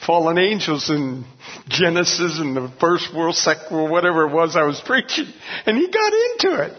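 An older man who is a pastor, telling his story earnestly, halting with many restarts. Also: on the high side, breathy edge. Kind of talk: testimony in an interview. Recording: dull recording in a long-echo room.

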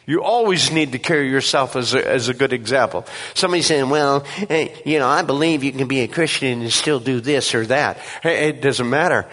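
Man, preacher, sermon, animated storytelling, echoing hall. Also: mid-range voice, a little fast, hardly any pauses. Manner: animated storytelling, acts out voices. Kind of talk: sermon with personal stories. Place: church sanctuary. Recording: long reverb of a hall.

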